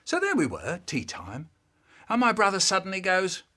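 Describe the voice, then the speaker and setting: A man telling comic anecdotes in a theatrical way, swinging from loud outbursts to mutters. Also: sits high, wildly swooping pitch, normal speed, slight background noise. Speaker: storyteller. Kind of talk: comic anecdote narration, chopped and remixed.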